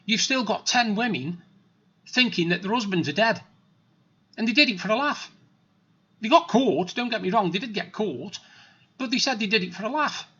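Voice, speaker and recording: A man's voice: high-pitched, expressive, normal speed, long pauses, sharp tone, slightly rough, muffled recording. A middle-aged man telling stories in a plain-spoken, rambling, blunt way. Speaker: vlogger. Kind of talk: casual storytelling monologue.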